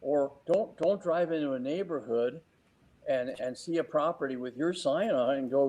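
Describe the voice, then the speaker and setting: A man giving real estate sales advice in an interview, speaking lively and acting out exchanges with clients. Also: a little high, moderate pace, poor audio.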